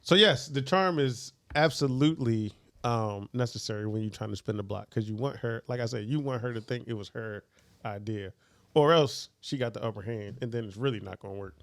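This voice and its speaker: A man co-hosting a podcast in casual chat, animated and playful, often breaking into laughter as he tells stories. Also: medium pitch, brisk, no room sound.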